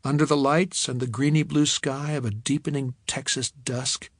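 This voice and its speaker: A man reading a novel aloud in the first person, telling the story in a measured, reflective way. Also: medium pitch, fairly even intonation, no echo, clean studio sound. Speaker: audiobook narrator. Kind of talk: first-person audiobook narration.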